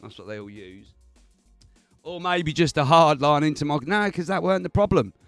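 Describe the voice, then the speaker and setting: A man's voice: fairly high pitch, expressive, moderate pace, no room sound, faint music behind. Swearing man chatting on stream. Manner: swearing, chatty, laughs often. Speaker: livestream host. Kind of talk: casual stream chat.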